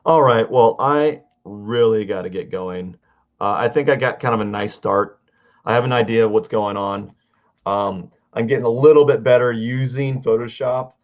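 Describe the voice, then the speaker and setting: A man casually talking through a drawing livestream, rambling and halting as he searches for words. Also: medium pitch, muffled recording. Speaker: artist streaming a drawing session.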